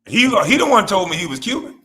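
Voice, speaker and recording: A man's voice: high-pitched, big pitch swings, fast, a bit bright, faint music behind. Blunt, profane man ranting. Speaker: host. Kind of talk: reaction commentary rant.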